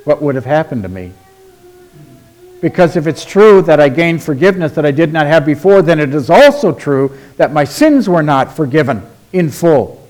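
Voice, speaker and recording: A man preaching a sermon in a deliberate, emphatic way, asking rhetorical questions and dropping to a quiet voice for stress. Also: fairly high pitch, animated. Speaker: pastor.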